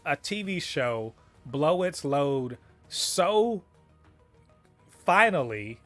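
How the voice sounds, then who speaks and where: A man's voice: a little high, very animated, drawn-out words, fairly bright tone, soft background music. A man co-hosting a casual review podcast, talking animatedly and profanely, laughing often and exclaiming in disbelief. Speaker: podcast co-host reviewing a TV episode.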